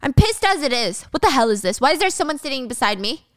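A woman voicing an arrogant, hot-tempered male company director who shouts and bullies. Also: high voice, big pitch swings, fast talker, no echo, studio quality, voice pushed up. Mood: furious. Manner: shouting, bullying.

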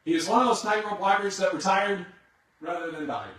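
A man's voice: sits high, fairly quick, a bit bright. A man preaching a sermon as a dramatic storyteller who builds suspense. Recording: echoey hall, far from the mic.

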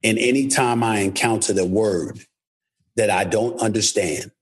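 A man's voice: lowish voice, unhurried, husky. A man from New York City speaking as an interview guest, blunt and emphatic, often repeating his words. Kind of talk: candid interview talk.

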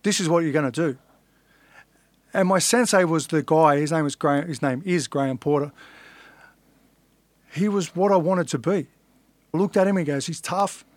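In a casual podcast interview, a middle-aged Australian fighter shares his life story, swearing freely, speaking bluntly and imitating the people he quotes. His highish voice moves at a moderate pace with long pauses, recorded without room sound.

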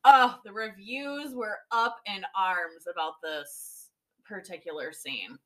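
A woman's voice: mid-range voice, takes it slowly. A woman co-hosting a casual book podcast, commenting wryly on reader reviews.

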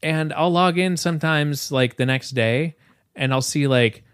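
A man hosting a podcast, chatting casually and telling a story with loud shouted quotes and lots of laughter. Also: fairly high pitch, a little slow, clear, resonant tone, no echo, clean studio sound. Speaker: podcast host. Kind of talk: casual chat. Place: home, video call.

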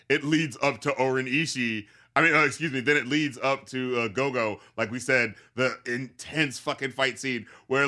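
A man's voice: mid-range voice, bright, forceful tone. A man casually discussing a film on a podcast, rambling with many fillers, frequent swearing and laughter. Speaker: podcast co-host.

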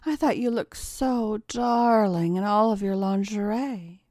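A cold, commanding woman who purrs her orders slowly and savors every taunt, as a woman narrator puts her on. The voice sits in a plain middle register, and the recording is dry and close with no room sound. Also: medium pitch, dark tone, dry recording, lightly acted. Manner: smug, commanding, drawn-out purring delivery. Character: domineering taunting adult woman.

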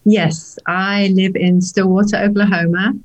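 A woman's voice: mid-range voice, little pitch movement, a little slow, low-quality recording. Friendly English woman in her fifties. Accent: English, from Norfolk. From England. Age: 50s. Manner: friendly, laughs easily. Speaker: podcast guest. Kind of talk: casual interview chat.

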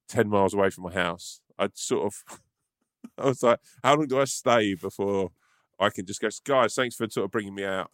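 A man's voice: on the low side, dry recording, clean studio sound. A man from London telling a long, rambling story in casual chat, swearing freely and restarting sentences often. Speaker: podcast co-host.

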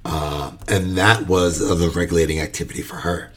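Low husky-voiced male podcast host. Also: normal speed. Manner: loose and chatty, many fillers and restarts. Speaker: early childhood educator. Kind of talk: casual podcast monologue.

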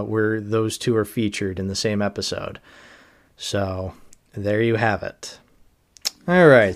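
A man in a mid-pitched voice hosts his own solo podcast. He rambles loosely, full of "like" and "um", with a dry, sardonic edge. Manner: rambling, sardonic, lots of fillers. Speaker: podcast host. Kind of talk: casual solo podcast talk.

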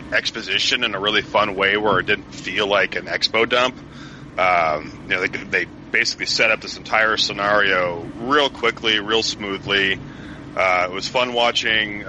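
Man, podcast guest, low-ish voice, measured, pausing, noisy remote mic. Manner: measured, thoughtful, many "um" pauses. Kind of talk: casual podcast chat.

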